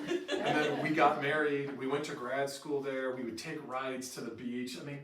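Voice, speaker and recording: A middle-aged man leading a staff training session, telling lively stories and acting out quotes. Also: medium pitch, moderate pace, a crowd in the background. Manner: animated storyteller who acts out quotes with laughter. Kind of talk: in-service training talk. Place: training room with an audience. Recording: roomy echo from far off, faint noise.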